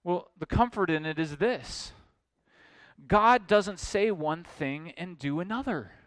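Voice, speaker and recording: A man pastor delivering an expository sermon with earnest conviction, his voice sitting a little high for a man. He builds toward emphatic, pressing questions. The sound is dry and close, with little room around it. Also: expressive, slow pace, a bit bright, no room sound.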